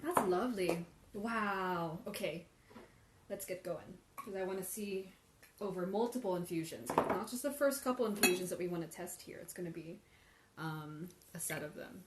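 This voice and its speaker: A woman's voice: on the low side, normal speed, heavy background noise. A woman hosting a live tea tasting, thinking aloud as she compares infusions and answers viewer questions. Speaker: tea livestream host. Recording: roomy livestream audio with faint ambience.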